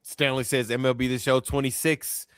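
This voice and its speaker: A man's voice: mid-range voice, little pitch movement, normal speed, fairly bright tone, clear, resonant tone, no echo. Chatty male podcast host with a dry, close sound. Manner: chatty, laughs often, hypes the audience. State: slight cough. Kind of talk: casual gaming podcast chat.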